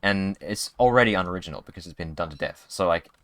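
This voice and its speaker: A man's voice: deep voice, fast, fairly bright tone, no echo. A man streaming a video game live, chatting casually in a rambling way with many restarts. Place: home streaming setup.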